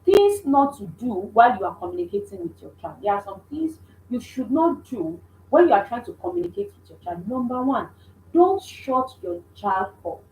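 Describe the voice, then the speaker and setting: A woman's voice: fairly high pitch, sing-song, normal speed, darkish tone, a little hiss or hum. A mother giving an instructive talk on parenting, earnest and repeating her points with many restarts. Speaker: parenting coach. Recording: echoey room.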